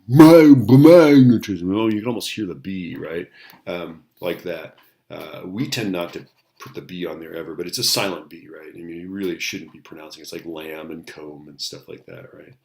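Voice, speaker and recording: A man's voice: low-pitched, vocal fry. A man teaching a physics lecture in a casual, rambling way, often checking in with the class and restarting his sentences. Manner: casual, tag questions, many fillers and restarts. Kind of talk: recorded lecture.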